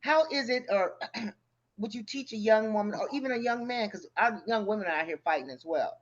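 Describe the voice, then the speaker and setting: Podcast co-host, earnest and halting, mid pitch, muffled lo-fi sound. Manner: earnest, halting when asking questions. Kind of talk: casual chat. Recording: dull lo-fi sound.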